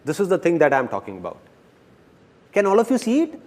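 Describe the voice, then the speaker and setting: Guy doing a motivational talk, super animated, voice bouncing up and down, kinda high. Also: fast. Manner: animated, playful, exhorting the audience. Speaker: motivational speaker. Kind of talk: live motivational speech.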